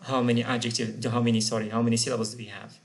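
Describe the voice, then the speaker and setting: A man's voice: mid-range voice, flat delivery, racing. A man teaching an English grammar lesson, patiently repeating and spelling out example words.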